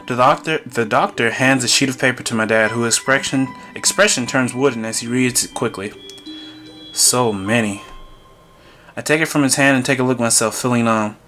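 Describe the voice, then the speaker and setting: A man's voice: mid-range voice, normal speed, bright, forceful tone, faint music behind. A man reading a visual novel aloud for a gaming video, breaking off for jokey asides and chuckles. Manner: jokey asides, chuckles between read lines.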